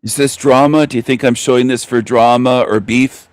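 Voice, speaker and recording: A man's voice: medium pitch, fairly even intonation, normal speed, dry recording, faint music behind. A man hosting a livestream, ranting bluntly and with profanity about his critics. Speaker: channel host. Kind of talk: livestream commentary.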